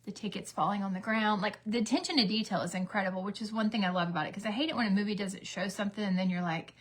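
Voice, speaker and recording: A woman's voice: medium pitch, steady tone, rapid-fire. A middle-aged woman, a mother, chatting casually as she tells a story with many fillers while getting ready. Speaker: beauty vlogger, mother. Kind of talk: casual get-ready-with-me chat.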